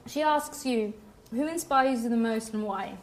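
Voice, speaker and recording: A woman's voice: fairly high pitch, a little slow. A woman hosts a casual interview, asking questions in a playful, laughing way. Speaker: host.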